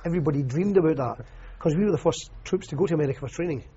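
Older Scottish man, husky and mellow. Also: a little high, racing. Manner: rambling, anecdotal, frequent restarts and "you know". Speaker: interviewee, army veteran. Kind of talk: oral history interview. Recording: muffled lo-fi recording.

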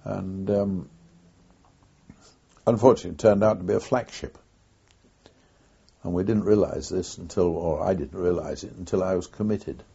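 In an oral history interview, a former wartime pilot, now older, reflects slowly on his past, pausing often. His voice sits low and sounds creaky, mellow and slightly rough on a dull, lo-fi recording.

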